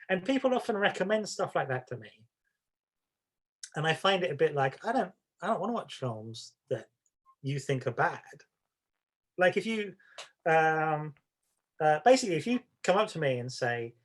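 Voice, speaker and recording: A man talks through his opinions on a chat podcast, rambling and poking fun at himself. His voice sits a little high, and he keeps a wry, conversational tone. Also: lively intonation, normal speed. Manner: rambling, self-deprecating, wry. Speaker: podcast co-host. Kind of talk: casual chat.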